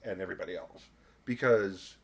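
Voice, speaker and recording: A man's voice: deep voice, a little fast. A man co-hosting a podcast, chatting casually and animatedly about a TV episode. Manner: animated, jumps into voices when retelling. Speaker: podcast co-host.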